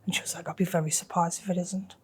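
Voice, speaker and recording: A middle-aged woman, telling a personal story in an emotional, halting way that often drops to a near whisper. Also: lowish voice, flat delivery, darkish tone. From North East England. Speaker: interviewee.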